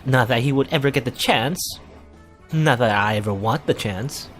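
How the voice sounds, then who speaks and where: A man's voice: medium pitch, normal speed, fairly bright tone, soft background music, close to an everyday voice. A man voicing a serious, hot-tempered teenage schoolgirl who scolds and snaps insults, while reading a visual novel aloud. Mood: angry.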